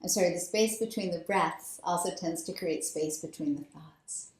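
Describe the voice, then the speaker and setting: A woman yoga teacher giving calm, slow breathing instructions. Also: on the low side. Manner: calm, slow guiding cues, growing softer. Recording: roomy echo.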